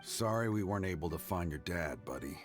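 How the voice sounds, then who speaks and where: A deep-voiced serious guard. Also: male voice, expressive, a little fast, soft background music. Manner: plain, report-like. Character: serious city guard reporting.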